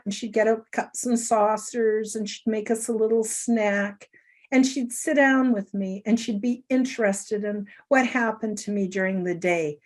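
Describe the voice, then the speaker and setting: Earnest, emotional woman telling a story. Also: on the high side. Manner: earnest, emotional, tearful at times. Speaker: show host.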